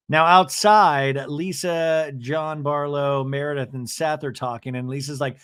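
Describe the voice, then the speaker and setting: A man hosting a comedy podcast, recapping a TV episode in a joking, animated way with lots of fillers. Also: on the high side, normal speed, smooth, no echo, studio quality. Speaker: podcast host.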